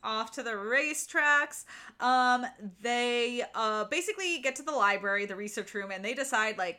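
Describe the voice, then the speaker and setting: A woman's voice: fairly high pitch, animated, normal speed, pushed and bright, clear, resonant tone. A woman co-hosting a casual book-recap podcast, exasperated and ranting, swearing freely. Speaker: podcast co-host.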